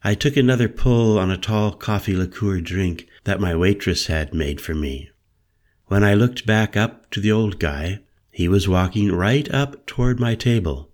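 A man narrating a first-person story in a measured, calm storytelling manner. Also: lowish voice. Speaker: audiobook narrator.

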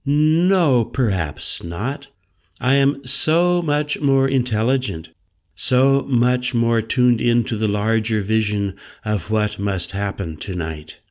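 A man's voice: mid-range voice, slow pace, a little mellow, close to an everyday voice. A man voicing a grandiose, arrogant man who is slightly unhinged and talks in a self-admiring, dreamy way. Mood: boastful.

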